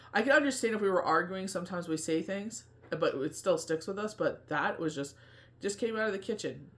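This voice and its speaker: A man with a somewhat high voice talks in a loose, confiding monologue, as a tarot reader and medium sharing his own thoughts. His speech wanders, circles back and leans on fillers and restarts. He sounds earnest throughout. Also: fairly bright tone. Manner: rambling, heavy with fillers and restarts. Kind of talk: casual personal monologue.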